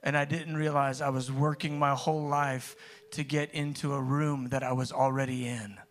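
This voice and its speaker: A man's voice: medium pitch, flat delivery, normal speed. Man preaching a personal testimony. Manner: conversational storytelling, trailing restarts, builds to emphatic peaks.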